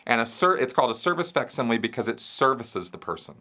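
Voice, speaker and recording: Guy hosting a q&a show, bright forward voice, explains things slowly and keeps asking right?. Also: medium pitch, very animated. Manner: explains step by step, checks in with "right?" and "you see". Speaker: show host answering viewer questions. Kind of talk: explanatory solo talk.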